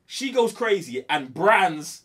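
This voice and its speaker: A young man, co-hosting a casual movie review chat, animated and slangy, repeating himself for emphasis. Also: high-pitched, slow. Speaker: podcast co-host.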